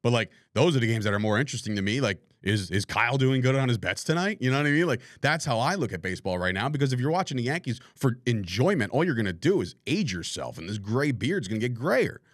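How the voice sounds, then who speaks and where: A man's voice: mid-range voice, very animated, fast talker, hardly any pauses, no room sound, clean studio sound. A middle-aged man hosting a live podcast, ranting casually about sports, exasperated and swearing freely. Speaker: podcast host.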